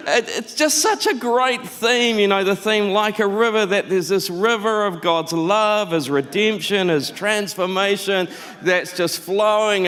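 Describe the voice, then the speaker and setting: A man preaching a sermon as pastor, telling stories in an animated, conversational way. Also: high-pitched, clear, resonant tone. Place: church auditorium. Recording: church hall reverb.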